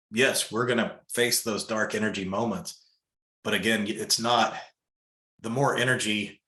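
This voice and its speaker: A man's voice: on the low side, sharp tone. A man telling a personal story in a casual fireside chat, loose and conversational with lots of fillers. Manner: loose, conversational, full of fillers and acted-out quotes. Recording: echoey room.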